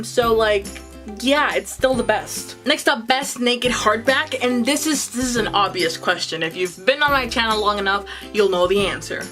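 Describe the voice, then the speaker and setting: A woman's voice: on the high side, a bit bright. A woman book vlogger talking through a casual book tag video, gushing and enthusiastic with a chatty, swearing-now-and-then manner.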